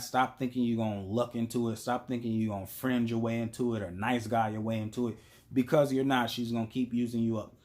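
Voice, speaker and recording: A man's voice: medium pitch, darkish tone. A man telling a story in a casual, blunt and profane monologue as a vlogger.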